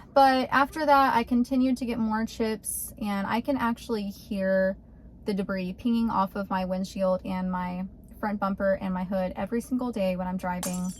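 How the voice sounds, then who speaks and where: A woman's voice: medium pitch, fairly even intonation, normal speed, a little hiss or hum. A woman, vlogging casually and with exasperation outdoors beside her car. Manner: chatty, exasperated. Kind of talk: casual vlog.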